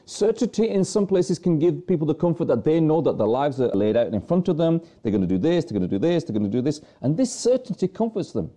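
A man's voice: a little high, very animated, fast talker, few pauses, dark tone. A man presenting a religious talk to viewers, earnestly preaching with rhetorical questions and repeated phrases.

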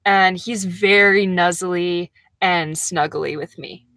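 A woman's voice: lowish voice, steady tone, slow pace, sharp tone, no echo. A young woman hosting a casual livestream from a camper van, chatting and laughing as she reads viewer comments.

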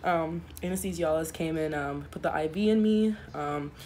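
A young woman with a slightly low voice vlogs straight into her phone. She rambles candidly and swears freely. Faint noise hums under her voice. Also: normal speed, darkish tone. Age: young adult. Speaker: vlogger. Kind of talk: casual handheld vlog to camera. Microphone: handheld phone camera.

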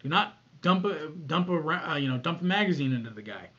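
A man giving a casual, blunt talk on armed self-defense, swearing freely and acting out shouted commands. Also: fairly high pitch, expressive, quick pace, husky. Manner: blunt, profane, acts out scenarios with shouted commands. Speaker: firearms self-defense instructor. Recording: dull lo-fi recording.

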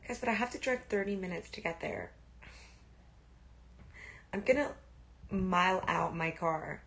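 A woman's voice: on the low side, a little slow, vocal fry, fairly bright tone. A young woman casually chatting on a livestream, reading and answering viewer comments and swearing now and then. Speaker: livestream host.

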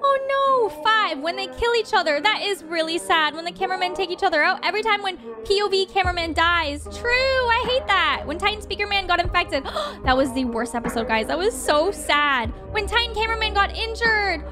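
A young woman hosting a reaction video, gasping and gushing with quick exclamations as she comments on animations. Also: very high voice, expressive, music in the background.

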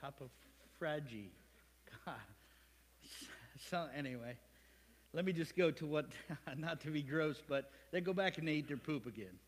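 A man's voice: on the high side, animated, normal speed, long pauses, in a large hall. A man preaching a sermon as pastor, conversational and joking, firing rhetorical questions at the congregation. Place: church sanctuary.

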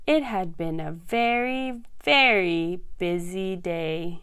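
A woman's voice: lowish voice, slow pace, few pauses, a bit bright, clean tone. A woman hosting a children's story time, reading a picture book aloud and doing the farm animal sounds in a sing-song way.

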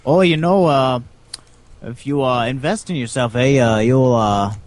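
A man's voice: medium pitch, unhurried, darkish tone, no room sound, close to an everyday voice. A man voicing an overly friendly, hesitant Canadian man, talking in a put-on Canadian accent and hemming with lots of "uh" and "hey".

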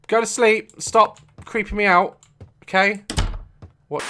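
A young woman on a headset, giving casual gaming commentary with crude jokes, giggles and loud exclamations. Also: mid-range voice, fairly even intonation, slow, long pauses, a little hiss or hum. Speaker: gaming video creator.

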